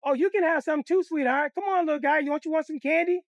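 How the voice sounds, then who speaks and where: A man's voice: extremely high pitch, quick pace, dry recording, voice pushed up. Man doing a sugary, coaxing stranger lady. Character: sweet-talking stranger woman luring children.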